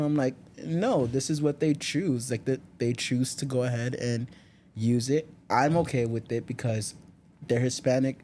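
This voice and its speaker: A man's voice: mid-range voice, moderate pace, slight background noise. A young man from Miami, a podcast guest in casual chat, telling stories and laughing often. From Miami, United States. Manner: laughs often, animated storytelling.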